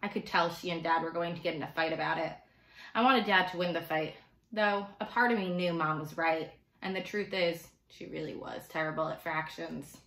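A woman teacher reading a novel aloud to children in a steady, expressive way. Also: on the low side, normal speed, reverberant.

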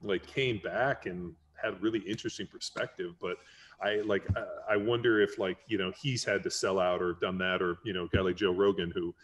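A man's voice: low voice, fairly even intonation, brisk. A man hosting a podcast, chatting in a loose, rambling way with many restarts and fillers. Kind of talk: casual chat.

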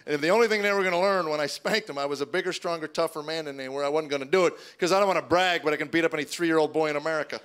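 A middle-aged man doing stand-up, telling deadpan stories and acting out his kids' voices before a live audience. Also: a little high, racing, hardly any pauses. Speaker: stand-up comedian. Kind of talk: stand-up comedy routine. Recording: live show with audience noise.

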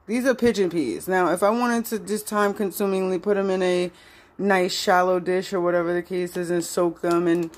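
A woman's voice: fairly low pitch, fairly even intonation, normal speed, rough recording. A woman hosting her own cooking channel, with a playful, sassy manner, talking straight to viewers as she cooks in her home kitchen. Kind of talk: casual cooking demo.

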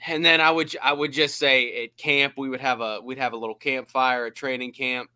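Bright forceful guy, podcast cohost telling stories, does little impressions, dry close mic. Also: medium pitch, normal speed, clear, resonant tone, dry recording. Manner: animated storyteller who slips into impressions and laughs. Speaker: podcast co-host, former team staffer. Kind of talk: casual storytelling chat.

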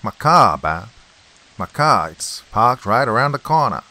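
A man voicing a brash, hot-tempered man who talks loudly and excitably. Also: mid-range voice, a little slow, exaggerated voice. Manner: loud, wrathful, excitable.

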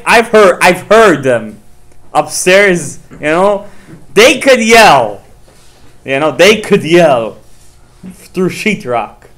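A rabbi teaching a class for parents in a high, lively voice that climbs and dips all over. He keeps throwing questions at his listeners and mixing Hebrew terms into his English. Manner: animated, fires rhetorical questions at listeners; mixes Hebrew terms into talk.

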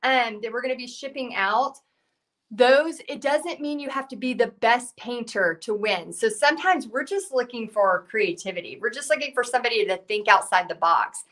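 Her voice fairly high and fairly bright, a woman chats through a live painting stream at a moderate pace with lively intonation. She reads viewer comments aloud, uses many fillers, and is losing her voice.

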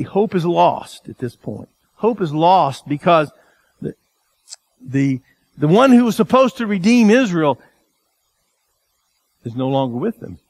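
A male pastor preaching a sermon in an animated, conversational way, asking the congregation rhetorical questions. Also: high voice, dry recording.

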